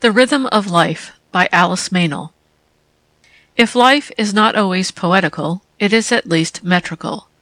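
A woman reading a literary essay aloud in a calm, deliberate way. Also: medium pitch, no room sound. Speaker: reader.

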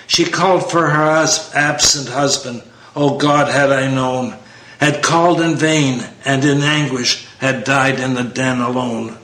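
A man's voice: medium pitch, fairly even intonation, a little slow, a bit bright, a little hiss or hum. A man giving a dramatic poetry recitation in a grieving, declamatory manner. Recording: roomy echo.

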